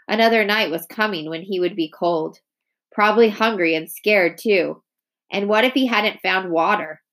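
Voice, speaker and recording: A woman reading a chapter of a novel aloud in a calm, even storytelling manner. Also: lowish voice. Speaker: audiobook reader.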